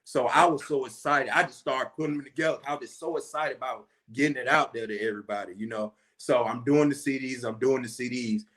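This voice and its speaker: A rapper in his forties from Atlanta, USA, tells a story as an interview guest, speaking earnestly and from the heart with frequent "man" and "you know." His mid-range voice is a bit bright and quick, with hardly any pauses.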